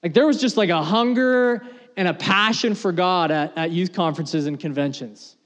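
A man's voice: high voice, moderate pace, a bit bright. A man preaching a sermon as pastor, earnest and conversational, repeating phrases as he builds his points. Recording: long hall reverb.

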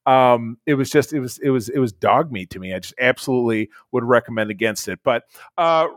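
A man's voice: mid-range voice, animated, fairly quick, no room sound. Blunt, rambling man talking movies. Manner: rambling, blunt, with frequent fillers and restarts. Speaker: podcast co-host, movie reviewer. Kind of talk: casual chat.

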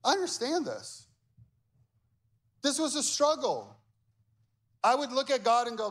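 Pastor guy preaching, high voice, lots of acted-out quotes. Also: unhurried, long pauses. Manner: animated, acts out quoted voices. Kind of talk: sermon.

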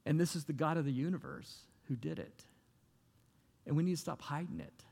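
A man's voice: a little high, a little fast, creaky, a little mellow, breathy edge, big-room sound. A man preaching a sermon as a pastor, earnest and conversational, with repeated phrases.

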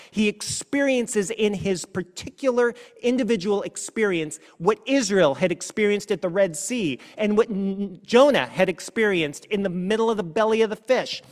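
A man preaching a sermon as a pastor, earnest, moving between hushed and forceful passages. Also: high voice. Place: church sanctuary. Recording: long reverb of a church hall.

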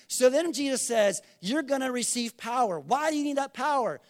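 High-voiced man preaching a lively sermon. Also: moderate pace, hardly any pauses. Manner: conversational, animated preaching with acted-out quotes; calls the congregation to respond. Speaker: pastor.

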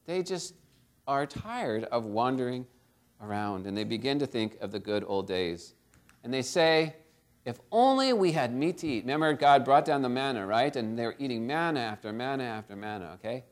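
A man's voice: mid-range voice, expressive, moderate pace. A middle-aged man preaching a conversational sermon, often checking in with "right?" and acting out the quotes he tells. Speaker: pastor.

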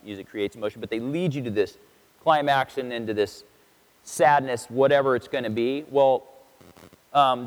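A man preaching a casual sermon as a pastor, telling stories and acting out quotes in different voices. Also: medium pitch. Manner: chatty storytelling, acts out quotes in voices. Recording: long reverb of a hall.

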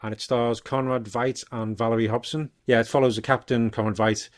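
A man co-hosting a casual film podcast, relaxed and rambling, thinking aloud with fillers. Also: medium pitch, a little fast, no room sound, clean studio sound. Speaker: podcast co-host.

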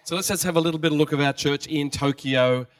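Conversational pastor preaching to a church. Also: male voice, a little high, fairly even intonation, fast talker, smooth, no echo. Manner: conversational, repeats words, asks the crowd questions. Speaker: visiting pastor. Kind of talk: sermon. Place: church hall. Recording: dry sound from a distant mic.

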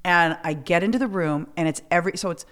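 A woman's voice: lowish voice, fast talker, a bit bright. A middle-aged woman hosting a casual chat, frank and swearing freely as she acts out quoted lines. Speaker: podcast host.

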